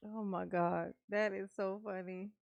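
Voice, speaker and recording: A woman's voice: mid-range voice, flat delivery, unhurried, vocal fry, no room sound, muffled recording. A woman streamer giving casual, teasing reaction commentary while she talks to her chat. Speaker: streamer reacting to a court livestream.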